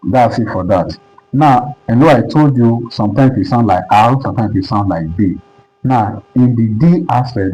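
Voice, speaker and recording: Male teacher from Nigeria, low mellow voice, lo-fi recording with faint music, drills words and checks understanding. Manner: repeats words and keeps asking "do you understand?". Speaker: English pronunciation teacher. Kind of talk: classroom lesson.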